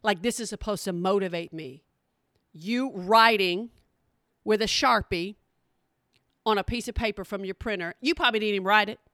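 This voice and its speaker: A woman's voice: mid-range voice, normal speed, pauses often, pushed and bright, no room sound, clean studio sound. A middle-aged woman giving a sassy, exasperated comedic rant.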